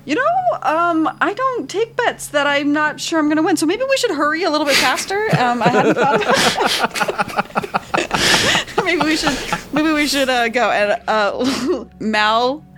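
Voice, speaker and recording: A woman's voice: high-pitched, sing-song, a little slow, fairly bright tone, faint music behind. A woman player in a tabletop role-playing game, talking with frequent laughs and hesitant fillers.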